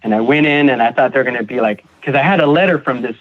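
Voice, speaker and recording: A man guest on a recovery podcast, telling his personal story in a halting way, repeating words and acting out what others said. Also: medium pitch. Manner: halting, repeats words, acts out quoted voices. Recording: tinny phone-like audio.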